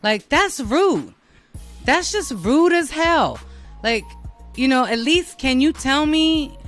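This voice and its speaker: Blunt, bright-voiced New York woman host. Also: high voice, animated, slow, soft background music. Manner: blunt, profane, rambling. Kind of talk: casual monologue.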